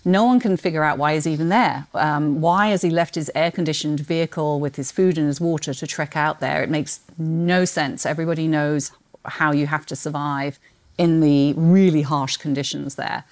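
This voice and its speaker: A woman's voice: sits low, fairly even intonation, moderate pace. A woman from Britain with a British accent and a slight Australian twang, chatting animatedly about books as a podcast guest and laughing often. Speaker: guest, books marketing executive.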